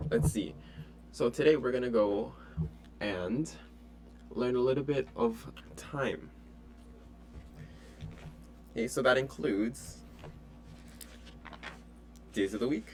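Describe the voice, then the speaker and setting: A man teaching an online French lesson in a relaxed, chatty way with many fillers. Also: medium pitch.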